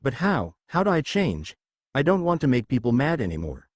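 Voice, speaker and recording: Man playing a frightened, pleading teenage boy in an audio story. Strained, lively delivery. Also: medium pitch, moderate pace, breathy edge, dry recording.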